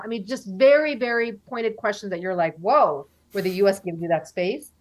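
In a casual interview, a forties-aged American woman chats with energy and imitates what others said. Her mid-range voice runs a little fast, with few pauses.

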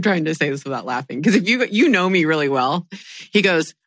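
A woman hosting a casual podcast chat, animated and quick to laugh, full of restarts. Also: low-pitched, no room sound. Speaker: podcast host.

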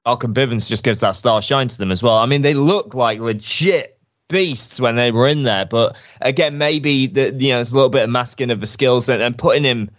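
A man's voice: mid-range voice, a little fast. A man as a guest on a podcast, chatting about wrestling with keen enthusiasm. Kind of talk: casual wrestling chat.

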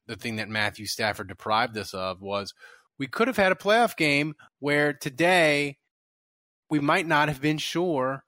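Casting note: man host, bright forceful voice, animated rambling sports talk, dry close sound. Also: medium pitch, no echo. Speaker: podcast host. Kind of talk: casual sports talk show.

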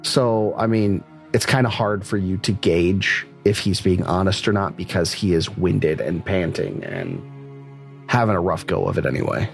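A man narrating a tabletop role-playing game as game master, in a relaxed, casual way. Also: low voice, normal speed, gravelly, soft background music.

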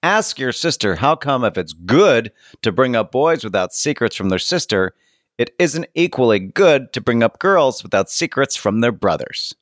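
Lively-toned man podcast co-host. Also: medium pitch, moderate pace, no echo, studio quality. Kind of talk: casual chat and reading old letters aloud.

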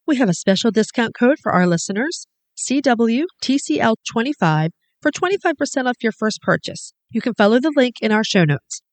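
A woman's voice: a little high, expressive, brisk. Woman, podcast co-host, casual chat, explains at length, informative.

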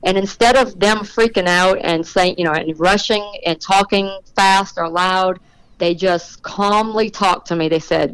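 A middle-aged woman being interviewed on a podcast, telling an animated story about her racing and acting out the voices of the people in it. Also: medium pitch, measured pace, clear, resonant tone, no room sound, poor audio. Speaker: drag racing motorcycle rider, guest.

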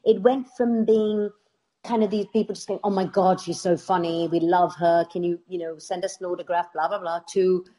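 A middle-aged British woman, an actress, telling stories in a casual interview with lively laughter. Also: on the low side, moderate pace. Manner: animated storytelling with laughs. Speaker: actress guest.

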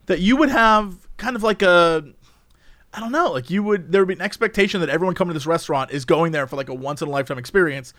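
High, lively-voiced young man musing aloud. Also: fast talker, no room sound, studio quality. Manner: musing, thinks aloud with restarts. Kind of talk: casual chat.

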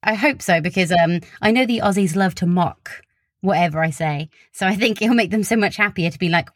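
A young social media creator from Wiltshire, England, with a southern English accent, chats in a casual interview, laughing often and saying "like" a lot. Her lowish voice moves fairly quickly, recorded cleanly in a studio with no echo.

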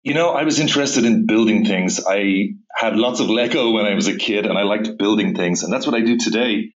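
A man's voice: lowish voice, fairly quick. A middle-aged man with a Dublin Irish accent, chatting casually as an interview guest, laughing easily and stumbling over restarts. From Ireland. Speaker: guest, tech executive. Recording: dull lo-fi remote audio.

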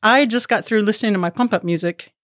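A woman's voice: mid-range voice, fast, fairly bright tone, no echo, studio quality. Playful American woman hosting a podcast. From United States. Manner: playful, joking, self-mocking. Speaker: podcast host. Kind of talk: casual chat.

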